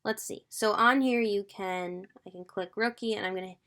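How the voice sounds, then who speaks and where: A woman in her twenties hosts a casual crafting tutorial, chatting and thinking aloud as she works. Her medium-pitched voice is fairly bright, with fairly even intonation at a normal pace. She's gushing and calls her viewers "guys."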